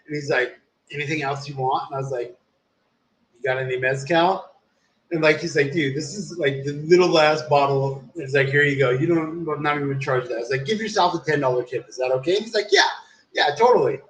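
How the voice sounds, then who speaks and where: A man's voice: on the high side, a little fast, a bit bright, slight background noise. A young man telling a long story in casual, rambling talk, swearing a lot and saying "dude" constantly. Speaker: live streamer. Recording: echoey room.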